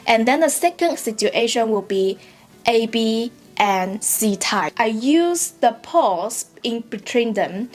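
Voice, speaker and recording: A woman with a Chinese accent talks through a language lesson at an unhurried pace, stopping to check that you follow. She says each example word slowly and carefully. A little music plays quietly behind her. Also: medium pitch. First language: Mandarin. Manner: patient, explanatory, often asks "right?"; models Mandarin words slowly and deliberately. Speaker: Mandarin tutor.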